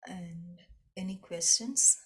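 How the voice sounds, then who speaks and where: A woman teaching a devotional class, explaining slowly and reflectively and often repeating a point in new words. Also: lowish voice. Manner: slow, reflective, gently repetitive explanation. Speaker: spiritual teacher.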